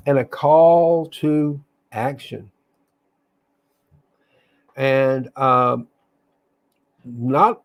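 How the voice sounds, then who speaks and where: A man hosting a reflective online session, talking in an earnest, halting way with restarts, then reading a poem aloud slowly. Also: fairly high pitch. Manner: reads slowly with long pauses. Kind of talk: casual live talk and slow poetry reading.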